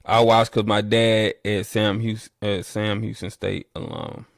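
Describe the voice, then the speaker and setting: A man hosting a casual livestream, reading the chat and trash-talking rival teams playfully, with loud animated bursts. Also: fairly low pitch, measured pace, vocal fry, no room sound, clean studio sound.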